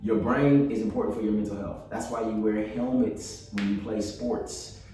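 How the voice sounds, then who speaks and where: An encouraging man leads a casual online class for students, speaking in a low, mellow voice and repeating his phrases with upbeat energy. He sounds set back from the mic in a roomy, echoey space, with faint music playing behind him. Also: steady tone, moderate pace, recorded from a distance. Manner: repetitive, upbeat, encouraging, talks to the class directly. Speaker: yoga and mental health instructor. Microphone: video call.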